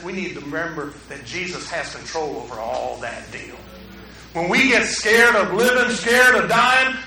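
A middle-aged man preaches a sermon, dropping to near-hushed stretches and then rising sharply. His voice sits high and bright. It is picked up from a distance in a reverberant room. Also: slight background noise. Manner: preaching with big swings from quiet to loud. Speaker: pastor. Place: room with an audience.

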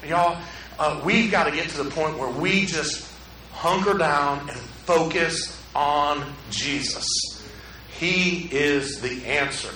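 A man's voice: a little high, slow, pushed and bright, far from the mic, a little hiss or hum. A male pastor, preaching a sermon in folksy storytelling style, acting out quotes. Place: church sanctuary. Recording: echoey hall, preacher away from mic.

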